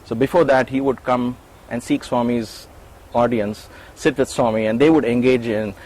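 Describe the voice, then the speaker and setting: Being interviewed, a middle-aged former attendant tells stories from memory, performing the quoted lines with animation while restarting and repeating words. His voice is medium-pitched at a moderate pace, and the recording is rough.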